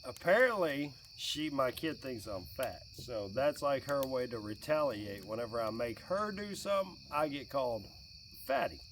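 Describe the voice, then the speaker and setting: A man's voice: mid-range voice, moderate pace, distant mic, slight background noise. Rambling joking man by a campfire. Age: 40s. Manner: rambling, joking, animated when quoting his kid. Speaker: vlogger. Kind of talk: casual chat by a campfire. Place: outdoors by a fire at night with crickets.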